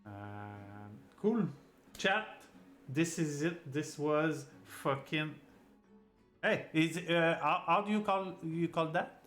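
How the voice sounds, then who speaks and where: Excitable man hosting a casual interview. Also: on the high side, slow pace, soft background music. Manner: animated, stumbling, swears a lot. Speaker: host. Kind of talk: casual chat.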